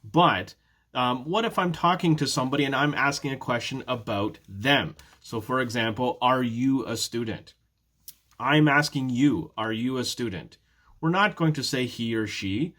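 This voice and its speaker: A man's voice: medium pitch, normal speed, fairly bright tone. A man teaching a prerecorded beginner English lesson, patiently explaining step by step with repeated example sentences and modeling question intonation. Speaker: ESL teacher.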